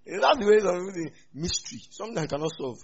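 Nigerian male pastor, husky and a bit high, humorous sermon, lo-fi sound. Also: rapid-fire. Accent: Nigerian, Yoruba-speaking. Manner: humorous, mixing in Yoruba asides, lively swings in loudness.

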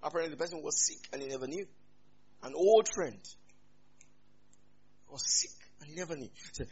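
Husky Nigerian pastor preaching. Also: male voice, a little high, fairly quick, pauses often, dull audio. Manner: animated preaching with sudden loud rises and laughs. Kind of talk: sermon.

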